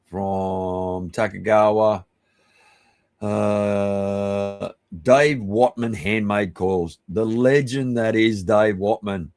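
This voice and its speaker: Australian man, live-stream host, low-pitched, chummy rambling shout-outs, casual swearing. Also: steady tone, very slow, no room sound. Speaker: livestream host.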